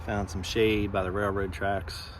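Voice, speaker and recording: A man's voice: fairly low pitch, flat delivery, a little slow, noisy background. A man hiking a trail, giving laid-back, matter-of-fact updates on the distance left. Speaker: hiker. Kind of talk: casual trail vlog updates.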